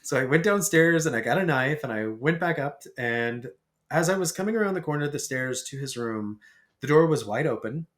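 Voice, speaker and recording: A man chatting as a podcast guest, telling a story in a lively way and acting out the lines of the people in it. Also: mid-range voice, a little fast. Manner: animated storyteller who acts out quoted lines.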